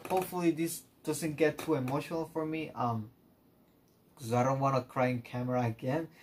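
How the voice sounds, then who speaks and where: A man's voice: mid-range voice, fairly even intonation, brisk, husky. Chatty gushing fan man. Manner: chatty, gushing fan talk full of "oh my gosh". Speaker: music video reactor. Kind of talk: casual reaction chat.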